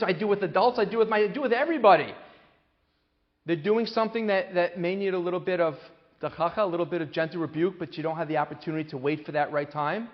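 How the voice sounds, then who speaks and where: A man with a fairly high voice gives a parenting talk, telling animated stories and acting out voices as he goes. He often starts over mid-sentence. The sound is dull and lo-fi, with long reverb from a hall. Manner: animated storyteller, acts out quoted voices, many restarts. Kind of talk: lively talk to an audience.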